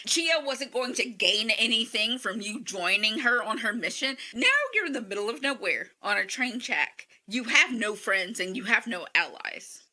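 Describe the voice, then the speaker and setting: Bright animated young woman reacting. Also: a little high. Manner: animated, talks back to the screen. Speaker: reaction video host. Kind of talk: casual reaction commentary.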